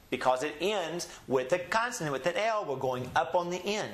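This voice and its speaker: A man teaching a Spanish pronunciation lesson, saying each model word slowly and asking the listener to repeat it. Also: a little high, animated, a bit bright. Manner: slow drilled model pronunciations with call-and-repeat prompts. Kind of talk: recorded classroom lesson. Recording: echoey room.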